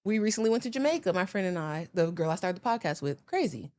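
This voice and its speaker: An American woman, a podcast guest, telling stories in a lively, slangy, casual way. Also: on the low side, fast. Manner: animated storyteller, slangy. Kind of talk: casual chat.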